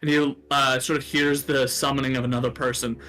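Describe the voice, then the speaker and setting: A man's voice: medium pitch, flat delivery, fairly quick, bright, forceful tone. A man narrating a tabletop game as game master, rambling, with many fillers.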